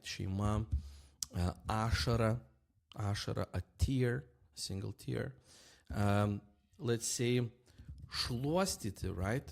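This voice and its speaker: A man teaching a language lesson in a relaxed, casual way, repeating example words slowly and often checking in with "right?". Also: fairly low pitch, vocal fry.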